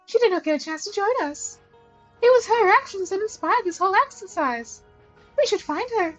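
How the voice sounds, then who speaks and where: A woman voicing an earnest young nun in a high, eager voice, reading it aloud from a story game. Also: expressive, normal speed, muffled recording, faint music behind.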